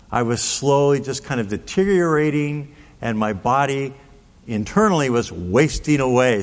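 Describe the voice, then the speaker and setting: Older male pastor, sixties, mid-pitched voice, folksy anecdotal sermon, long hall reverb. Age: 60s. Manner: folksy, anecdotal, with many "right?" and "okay?" asides. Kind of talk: sermon storytelling.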